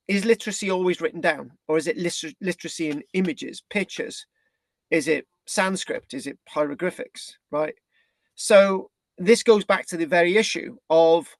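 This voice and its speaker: Male history presenter from Britain, slightly high voice, dry close sound, loose rambling lecture delivery with many restarts. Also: no room sound. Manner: rambling, with frequent restarts and tag questions. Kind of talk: live online history talk.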